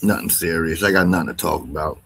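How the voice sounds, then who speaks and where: A man with a low, gravelly voice holds forth on a casual livestream. His talk is loose, slangy and full of swearing, and his tone has a husky, worn texture. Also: steady tone, fast, a bit bright. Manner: profane, slangy ranting. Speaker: livestream host.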